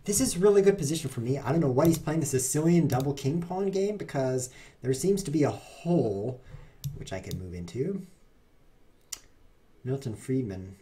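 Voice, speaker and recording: A man's voice: mid-range voice, animated, normal speed, warm tone. A man streaming online chess, chatting to his viewers in a playful, self-mocking way as he plays. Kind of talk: live-stream commentary while playing.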